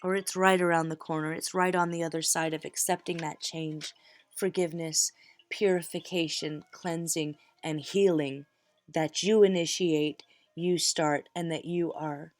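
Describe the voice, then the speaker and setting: A woman's voice: low voice, fairly even intonation, a little slow, dry recording. A middle-aged woman reading tarot cards, talking casually and encouragingly straight to her viewers. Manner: warm encouraging pep talk, direct address. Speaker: tarot reader.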